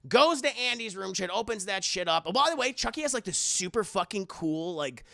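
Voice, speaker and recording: A man streaming a casual, rambling film recap to his chat, animated and swearing a lot, close to the mic. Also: high-pitched, fairly quick, creaky, no room sound.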